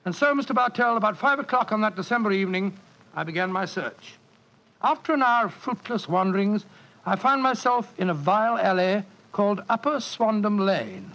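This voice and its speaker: An actor playing a proper doctor who narrates in a measured, dramatic way, in the style of a 1940s radio drama. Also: male voice, sits high, expressive, fairly bright tone. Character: earnest male doctor narrator, proper and upright. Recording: dull old radio recording with music.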